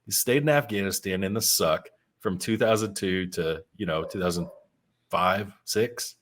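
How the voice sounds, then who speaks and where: Low-voiced man in casual chat. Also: moderate pace, fairly bright tone, slight background noise. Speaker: podcast co-host.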